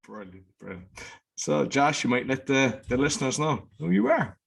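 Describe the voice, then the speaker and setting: A man hosts a podcast, welcoming listeners and his guest. His voice is gravelly and a little husky, and his introductions come out brisk and enthusiastic. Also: mid-range voice, big pitch swings. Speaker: podcast host.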